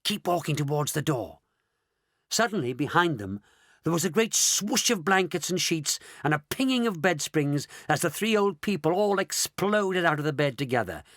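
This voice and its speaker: Male audiobook narrator, high and very animated, close and dry. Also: moderate pace, dry recording. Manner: animated, lively delivery. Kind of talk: expressive storybook narration.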